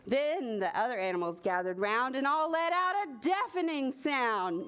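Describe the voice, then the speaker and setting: A woman's voice: sits high, moderate pace, few pauses, clean tone. A woman librarian reading a picture book aloud to preschoolers in a library, asking them questions. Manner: animated, asks children questions. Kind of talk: preschool story time reading. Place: library story room.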